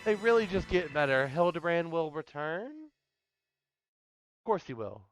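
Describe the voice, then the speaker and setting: A man's voice: on the high side, animated, a little slow, no echo. A man streaming a game, chatting casually and gushing emotionally to his viewers, calling them darlings. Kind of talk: casual let's-play commentary. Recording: muffled lo-fi with faint game music.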